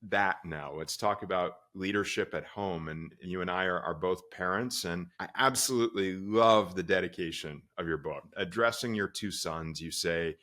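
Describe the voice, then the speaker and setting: A man with a very low, deep voice hosts a podcast interview. He asks long, thoughtful questions and reflects earnestly on what his guest says. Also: a bit bright. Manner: earnest, reflective, speaks in long flowing sentences. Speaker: podcast host.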